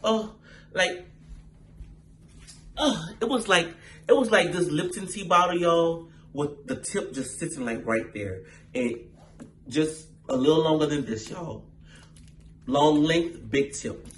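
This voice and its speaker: A man's voice: on the high side, slow pace, long pauses, a little hiss or hum. A man hosting his own storytime vlog, talking casually and animatedly to his viewers with lots of slang. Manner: animated, chatty, playful, uses slang and swearing. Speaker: storytime vlogger, channel host.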